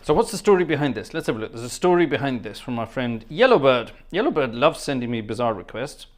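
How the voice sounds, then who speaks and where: A man's voice: mid-range voice, big pitch swings, fast talker. A man hosting a casual livestream, chatty and rambling, laughing often and thanking viewers by name. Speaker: livestream host and organist. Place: home studio.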